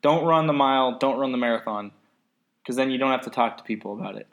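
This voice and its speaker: A man's voice: mid-range voice, fast talker. A man co-hosting a podcast in casual chat, ranting sarcastically and swearing freely. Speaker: podcast co-host.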